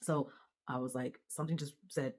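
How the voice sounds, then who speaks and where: A woman with a low-pitched voice vents to her camera in a casual vlog. She talks in an animated, exasperated way that keeps stopping and restarting. Her fillers and false starts make it sound unscripted. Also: normal speed. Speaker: mother and vlogger. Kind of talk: casual venting monologue to camera.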